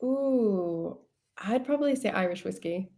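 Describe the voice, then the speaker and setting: A woman's voice: medium pitch, lively intonation, measured pace, dark tone. A woman from Wales with a neutral British accent, answering questions as a guest and laughing often. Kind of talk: casual interview chat.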